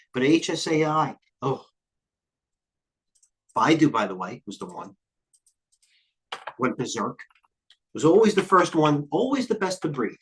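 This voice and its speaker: A middle-aged man hosting live market commentary, rambling and jumping between tangents. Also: fairly high pitch. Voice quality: occasional cursing, blunt and fast-thinking. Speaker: trading stream host.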